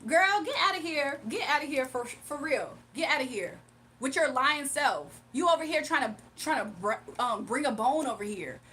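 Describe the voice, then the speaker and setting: A woman's voice: high voice, expressive, normal speed, bright, forceful tone, slight background noise. A woman hosting a casual livestream, sassy and exasperated as she answers chat comments. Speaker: livestream host reading chat.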